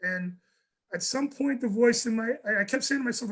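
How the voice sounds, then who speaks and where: A man, a guest on a panel, telling a personal story in an animated way, often restarting and repeating words. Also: extremely high pitch, brisk, low-quality recording. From New York. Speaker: guest speaker.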